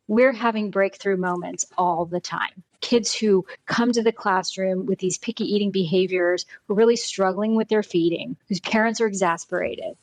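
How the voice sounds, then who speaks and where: A middle-aged woman speaking as a podcast guest, earnest and storytelling, often checking in with "right?". Her voice sits at an ordinary pitch and sounds close and dry, with almost no room echo. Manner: warm storytelling, earnest, frequent "right?" and "you know". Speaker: guest, pediatric nutrition program founder. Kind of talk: conversational podcast interview.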